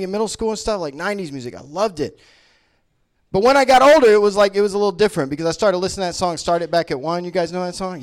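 Energetic stand-up comedian man. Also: fairly high pitch, smooth. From Memphis, Tennessee. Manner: energetic, rambling, laughing at his own jokes. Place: small comedy venue on stage.

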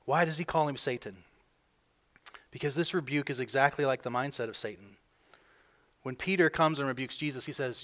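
A man preaching a sermon as pastor, building emphasis and swinging between loud pushes and quiet drops. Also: mid-range voice, fairly quick. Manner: emphatic preaching, voices quoted figures with rising force.

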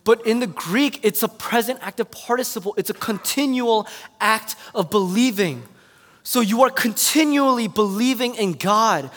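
High-voiced preacher man in a reverberant hall. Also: normal speed. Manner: animated storytelling with quoted voices, swinging from hushed to loud. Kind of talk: sermon.

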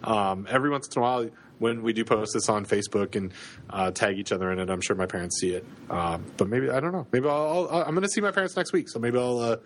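A man's voice: medium pitch, quick pace, slight background noise. A man in his thirties with a Canadian accent, co-hosting a podcast in casual chat, with many fillers and restarts. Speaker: podcast co-host.

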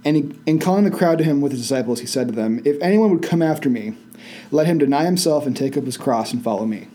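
A man co-hosting a casual Bible study in a library, reading verses aloud and adding relaxed, slangy asides. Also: fairly high pitch, quick pace, slight background noise. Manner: laid-back, slangy asides. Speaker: co-host reading scripture aloud.

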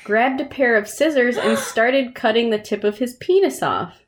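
A woman's voice: fairly high pitch, normal speed. A woman co-hosting a podcast, telling a crime story and chatting in a crude, grossed-out, swearing way. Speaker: podcast co-host. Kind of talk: casual chat.

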